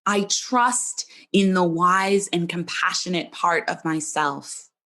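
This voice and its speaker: A woman hosting a podcast, speaking gently and earnestly in a reflective monologue that encourages the listener. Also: on the low side, fairly even intonation, slow. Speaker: podcast host, psychologist.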